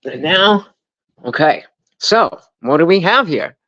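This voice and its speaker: Guy rambling on his home stream, jokey and scattered, kinda high pitched, dry sound. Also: animated, slow pace, bright, forceful tone, dry recording, lo-fi sound. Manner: rambling, self-interrupting, jokey. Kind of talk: casual live-stream chat. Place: at home indoors. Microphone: desk microphone.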